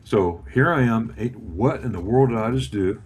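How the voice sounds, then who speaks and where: A man's voice: on the low side, animated, moderate pace, darkish tone, husky. A man in his fifties from Florida, telling a personal story in a casual chat and acting out the voices of the people in it. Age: 50s. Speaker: guest.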